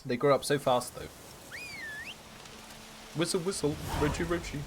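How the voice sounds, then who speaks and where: A man's voice: fairly high pitch, moderate pace, background noise. A man streaming a video game, joking and teasing through playful commentary. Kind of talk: gameplay commentary.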